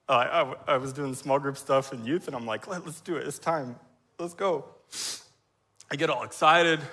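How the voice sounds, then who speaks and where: A man in his thirties giving an emotional sermon testimony from a church stage on a stage mic, crying as he speaks, halting and clearing his throat often. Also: medium pitch, bright, forceful tone.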